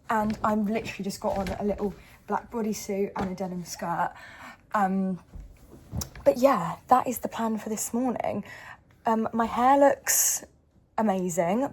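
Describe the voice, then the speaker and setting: A young woman talks to a handheld camera at home in a loose, rambling vlog style, filling gaps with ums and small laughs. Her voice sits at a middle pitch for a woman. A faint hiss runs under the recording. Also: moderate pace, darkish tone. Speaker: vlogger. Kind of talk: casual chat.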